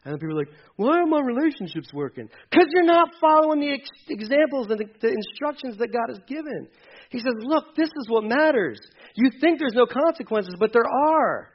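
A male pastor preaching a sermon to a congregation, emphatic and urgent, dropping into quiet asides. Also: very high voice, muffled recording. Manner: emphatic, swings between loud urging and quiet asides. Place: church hall with a congregation.

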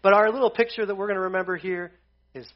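A man's voice: sits high, fairly even intonation, fast talker. A man teaching a casual Bible lesson to a group. He jokes as he goes and retells scripture in slang. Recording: dull lo-fi sound.

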